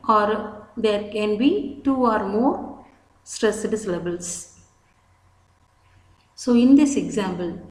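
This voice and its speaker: A woman's voice: on the high side, darkish tone, reverberant, poor audio. A woman teaching a literature lesson, patiently explaining terms and spelling words out. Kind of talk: slow explanatory lecture.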